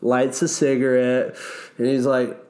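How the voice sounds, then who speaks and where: A man's voice: mid-range voice, measured pace. Man telling a wild river story. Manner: animated, swears, acts out quotes. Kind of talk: casual storytelling.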